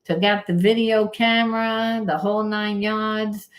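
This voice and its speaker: A middle-aged woman, a spiritual coach, telling a story in a casual, blunt and animated way. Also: medium pitch, unhurried. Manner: animated, blunt, acts out quoted voices.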